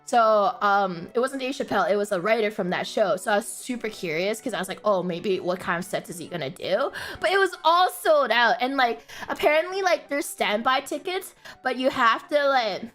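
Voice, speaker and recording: Giggly high-voiced woman streamer. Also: lively intonation, moderate pace, few pauses, fairly bright tone. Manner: giggly, bursts into laughter, many fillers. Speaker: live streamer. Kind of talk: casual stream storytelling.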